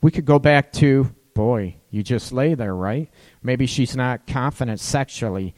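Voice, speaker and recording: A man speaks a little slowly in a mid-range, slightly mellow voice, giving listeners informal relationship advice. He stays chatty, keeps saying "right?", and laughs along with his own points.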